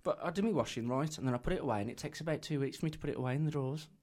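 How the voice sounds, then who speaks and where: A man's voice: fairly high pitch, very fast, darkish tone. A young man with a Black Country accent, a comedian guest telling cheeky jokey stories in casual chat. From Black Country, England.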